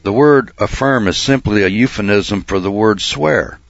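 A man preaching a folksy sermon and Bible study, often saying uh and clearing his throat. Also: on the low side, moderate pace, no room sound, highs cut off. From United States.

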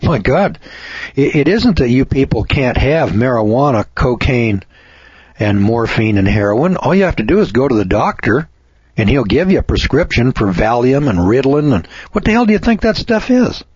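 A man's voice: mid-range voice, big pitch swings, normal speed, a little mellow, slightly rough, dry recording. A man hosting a radio show, giving a folksy, opinionated editorial monologue and mocking other people's voices. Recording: dull lo-fi radio recording.

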